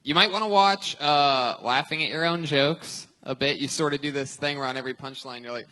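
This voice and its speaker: A man's voice: fairly high pitch, fairly quick, bright, forceful tone, low-quality recording. A man hosting a live comedy podcast on a club stage, brash and profane, joking with comics. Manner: brash, profane, laughing banter.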